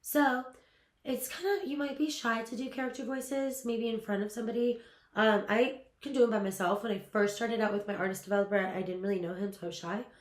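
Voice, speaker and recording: A woman's voice: a little high, steady tone, a little fast, reverberant. A woman voiceover artist giving a casual, rambling lesson on character voices, with fillers and restarts. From Southern California. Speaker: voiceover artist teaching a series. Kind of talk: casual instructional talk.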